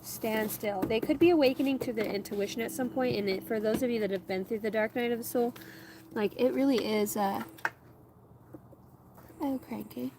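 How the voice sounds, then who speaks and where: A woman's voice: a little high, normal speed. Rambling woman reading tarot outdoors. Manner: rambling, talks to her dogs. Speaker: tarot reader. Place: outdoors on rural land. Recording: loud outdoor background noise.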